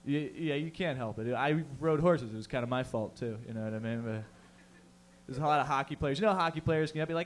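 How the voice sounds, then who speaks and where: A man's voice: mid-range voice, fairly quick. A young man doing a stand-up set, with profane, rambling, conversational talk. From Canada. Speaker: stand-up comedian.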